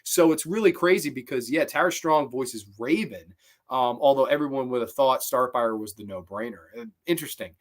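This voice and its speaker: A man's voice: mid-range voice, normal speed. A man hosting a show, reviewing cartoon episodes in a rambling, casual way, with profanity and frequent self-corrections. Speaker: show host.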